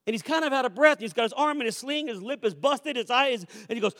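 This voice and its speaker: A man preaching a sermon as a pastor, telling a story with animated, acted-out quotes and repeated refrains. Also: very high-pitched, fast, long reverb tail. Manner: animated storyteller who acts out quoted voices. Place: church sanctuary.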